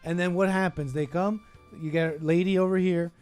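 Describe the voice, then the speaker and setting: A man's voice: sits high, a little fast, clean tone, dry recording, faint music behind. Sarcastic man hosting a call-in show. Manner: sarcastic, animated, mocking. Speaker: podcast host. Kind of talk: reaction commentary on a clip.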